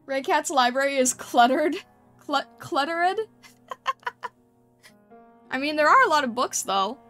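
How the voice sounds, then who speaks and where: A woman's voice: high-pitched, expressive, unhurried, bright, forceful tone, faint music behind. A woman streamer chatting casually with her chat and thinking aloud while she paints over and critiques thumbnails.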